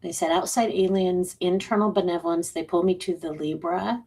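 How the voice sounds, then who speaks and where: A woman co-hosts a live stream with a loose, joking manner, answering viewer questions. Her voice is husky and a little breathy, sitting on the low side. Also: fairly even intonation, moderate pace, mellow. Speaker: co-host and intuitive reader. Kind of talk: casual live-stream chat.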